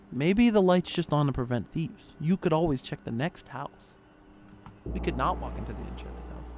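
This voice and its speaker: A young man streaming a horror game. He reads the game text aloud quietly, then breaks into loud, profane, excitable commentary. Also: on the high side, normal speed, slight background noise. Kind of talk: let's play commentary.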